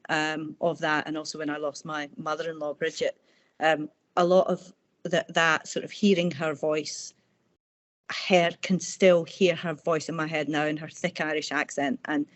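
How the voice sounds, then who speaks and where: A woman author talking in a casual interview over a video call, telling personal stories warmly and restarting her sentences often. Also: sits low. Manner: warm, chatty storytelling with frequent restarts. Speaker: author guest.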